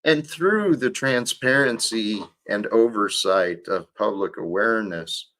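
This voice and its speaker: A man's voice: lowish voice, expressive, unhurried, a bit bright. A man hosting a livestream, talking casually and reflectively about faith and life, with some restarts. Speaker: livestream host.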